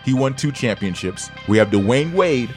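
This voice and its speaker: A man's voice: medium pitch, expressive, moderate pace. Playful man hosting over music. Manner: playful, teasing, laughs often. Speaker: podcast co-host. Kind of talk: casual podcast banter.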